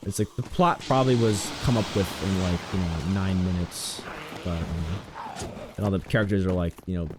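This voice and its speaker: A man's voice: deep voice, moderate pace, background noise. A young man chatting casually while he streams a game, rambling and mocking his own mistakes. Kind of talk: casual gameplay commentary.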